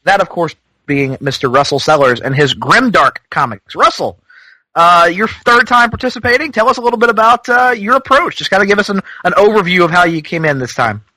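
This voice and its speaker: Male podcast host, fairly high, bright voice, playful banter. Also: animated, fairly quick, no room sound, poor audio. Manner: joking, self-mocking banter. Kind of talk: casual podcast hosting.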